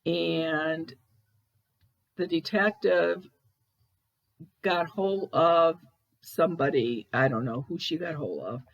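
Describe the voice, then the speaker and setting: A woman's voice: low voice, slow pace, creaky, long pauses, dull audio. A middle-aged woman, a medium from Ohio, telling a story in casual speech and quoting the people involved. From Cleveland, Ohio. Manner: recounts dialogue, quoting others plainly.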